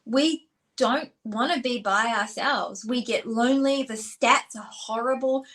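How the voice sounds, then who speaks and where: Woman relationship expert chatting loosely, lots of "like", a bit high voiced. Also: unhurried, fairly bright tone. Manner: chatty, many "like" fillers, acts out quotes. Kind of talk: casual chat.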